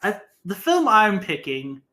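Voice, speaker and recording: A man's voice: high voice, huge pitch swings, a little slow, pushed and bright. A man co-hosting a movie podcast, playfully arguing in casual chat. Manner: playful, argumentative. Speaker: podcast co-host.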